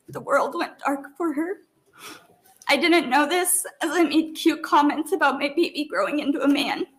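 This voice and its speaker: A woman's voice: high-pitched, fairly bright tone. A mother giving emotional public testimony at a hearing, apologetic and fighting back tears. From Nebraska. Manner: tearful, apologetic, breaking up at times.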